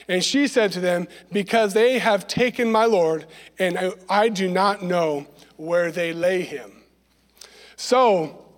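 A man's voice: sits high, big-room sound. A man leading a Bible study lesson, reading scripture aloud and explaining it in a conversational way, often checking in with "right?".

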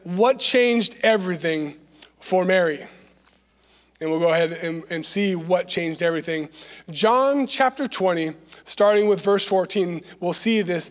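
Man, high voice, Bible study teacher, conversational scripture lesson, long hall reverb. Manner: conversational, frequent "right?" check-ins.

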